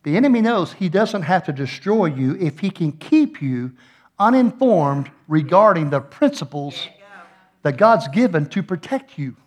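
High-voiced joking pastor. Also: male voice, big pitch swings, measured pace. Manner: folksy, joking storyteller with playful asides. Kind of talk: sermon.

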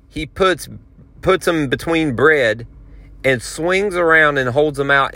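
A man with a drawl rambles through an animated story, tripping over restarts as he goes. His voice is bright and a little tense, set slightly high for a man. It is recorded dry and close, with no room sound. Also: no room sound. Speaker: podcast host. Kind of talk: casual storytelling.

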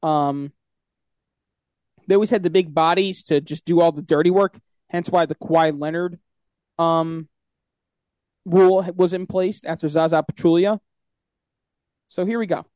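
A man's voice: fairly high pitch, steady tone, unhurried, pauses often, darkish tone, no room sound. A man co-hosting a sports podcast in casual chat, teasing his co-host and laughing often.

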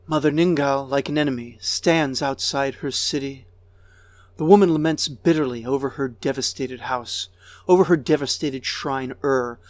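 A man giving a grave, measured reading of an ancient lament as narrator. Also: medium pitch, a little mellow, no echo. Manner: slow, grave, measured delivery.

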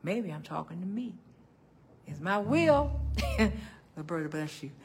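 An older woman preaching a sermon as pastor, calling out to her congregation and swinging between loud outbursts and hushed tones. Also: on the low side, sing-song, a little slow, husky. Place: church.

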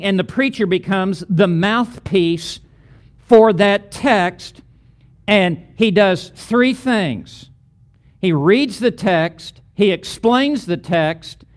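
A middle-aged man gives a preaching lecture in a high-pitched voice. He speaks slowly and deliberately, stacking emphatic, rhythmic lists of repeated phrases. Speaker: seminary teacher of preaching.

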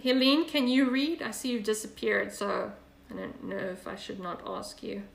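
A woman's voice: mid-range voice, fairly even intonation, normal speed, gravelly, roomy sound. A woman leading a Bible study over a video call, chatty and earnest, with many fillers and restarts. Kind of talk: casual online Bible study teaching.

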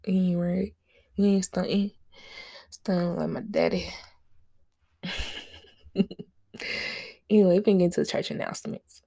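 Gravelly, slow-talking young woman podcaster. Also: on the low side, steady tone, dark tone, dry recording, clean studio sound. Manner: loose, joking, cusses and laughs. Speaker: podcast host. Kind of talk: casual solo podcast chat.

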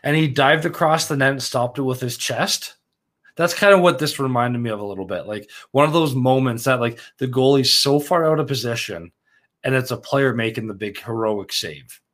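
A young man co-hosting a casual sports podcast, telling excited stories with lots of "like" and some swearing. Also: medium pitch, normal speed. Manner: excitable, swears, animated storytelling. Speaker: podcast co-host.

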